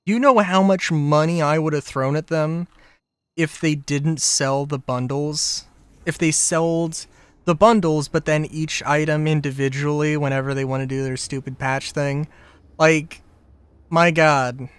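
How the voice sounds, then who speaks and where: A man's voice: on the high side, fairly even intonation, a little slow, clean tone, no room sound. A young man chatting casually on a live stream, ranting in exasperation with lots of swearing and filler words.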